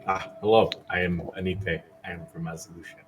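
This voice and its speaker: A man voicing a cryptic, proud female traveler who answers in riddles and speaks slowly and aloofly. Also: deep voice, fairly even intonation, lightly acted. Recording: distant mic with faint noise.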